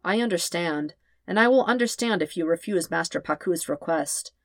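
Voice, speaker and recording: A woman reading aloud and voicing a gentle, weary old man who speaks quietly and formally. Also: on the low side, lively intonation, normal speed, no room sound. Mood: grave.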